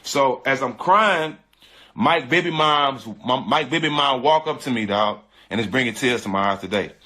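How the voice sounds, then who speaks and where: A man's voice: medium pitch, moderate pace, pushed and bright. A man earnestly recounting a painful personal story in slangy, repetitive casual talk. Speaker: guest telling a personal story. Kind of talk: emotional storytelling.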